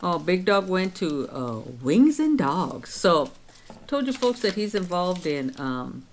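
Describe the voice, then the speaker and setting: A woman's voice: lowish voice, sing-song, takes it slowly, slight background noise. A woman in her sixties chatting casually on her vlog, counting her savings aloud and telling stories of her week. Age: 60s. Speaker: vlog host. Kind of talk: casual chat.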